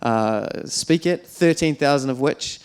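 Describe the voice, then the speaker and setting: Wry stand-up comedian, smooth voice. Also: male voice, mid-range voice, takes it slowly, a little mellow. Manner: wry, self-deprecating storytelling with frequent fillers. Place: stage at a fundraiser event.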